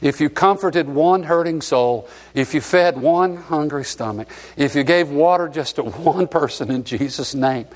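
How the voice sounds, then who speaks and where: A man's voice: a little high, a little slow, few pauses. A middle-aged man from Alabama preaching a sermon, sentimental and emotional as he tells stories. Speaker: pastor.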